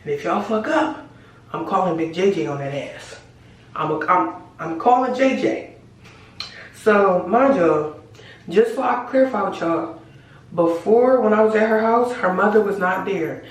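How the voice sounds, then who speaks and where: Animated woman in a very echoey room. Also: medium pitch, a little slow, distant mic. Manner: animated, slangy and profane, addresses viewers as y'all. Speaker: storytime vlogger. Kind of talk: casual storytelling to camera. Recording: very echoey room, voice away from mic.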